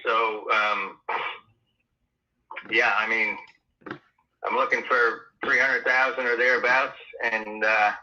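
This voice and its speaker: A hesitant man heard over a dull, muffled phone line. He speaks very slowly, stopping and restarting often. His tone is bright and forceful underneath the hesitation. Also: on the low side, level tone. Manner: hesitant, halting, many fillers and throat clears. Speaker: home seller on a call. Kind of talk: phone conversation.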